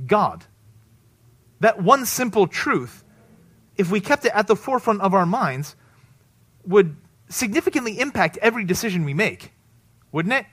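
Male pastor, fairly high voice, conversational sermon delivery with big loud-to-soft swings. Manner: conversational preaching, rising loud for emphasis and dropping low and soft; tags points with "right?".

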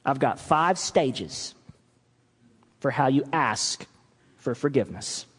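A man preaching a sermon as pastor, lively and animated, acting out quoted apologies as he teaches. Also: medium pitch, slow pace, breathy edge, big-room sound. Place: church sanctuary.

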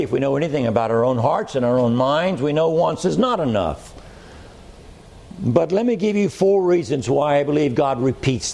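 Slow, emphatic preaching man. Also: on the high side, vocal fry, darkish tone. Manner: slow, emphatic preaching with repetition and rhetorical questions. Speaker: pastor. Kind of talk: sermon. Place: church hall with a congregation.

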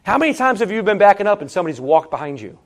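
Very animated and racing along, a middle-aged pastor preaches conversationally, repeating phrases and swinging between emphatic rises and low, quiet asides.

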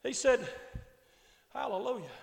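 A middle-aged male pastor preaching a sermon in a church, moving between quiet conversational asides and shouted, drawn-out lines, often calling out to ask if everyone is all right. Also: very high voice, expressive, gravelly. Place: church sanctuary. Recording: echoey church hall with long reverb.

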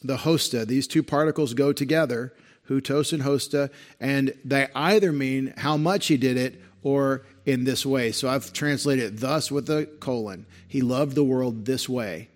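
In an unhurried, medium-pitched voice, a pastor delivers an expository sermon, patiently working through Greek grammar and indicating points on a screen the way a teacher would.

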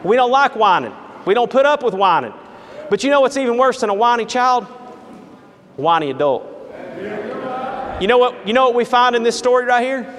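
A pastor preaches in a high, bright voice, acting out the story with drama and emphasis. His voice rings with the long echo of a large hall. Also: expressive, moderate pace, long pauses. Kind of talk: sermon. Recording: echoey hall.

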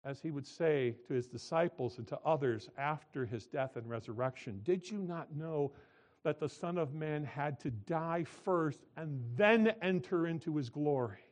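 A man's voice: fairly high pitch, moderate pace. Emphatic man preaching a sermon. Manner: emphatic preaching with wide swings in loudness. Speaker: pastor.

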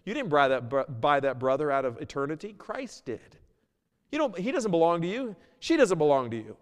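A man preaching a sermon as pastor, earnest, moving between loud emphasis and a quiet plea. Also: fairly high pitch, expressive, fast, long reverb tail. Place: church sanctuary.

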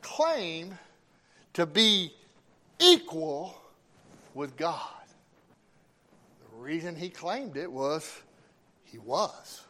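A man's voice: on the high side, very animated, drawn-out words, pauses often, pushed and bright. A man preaching a sermon as pastor, with rising emphasis and call-outs to the congregation.

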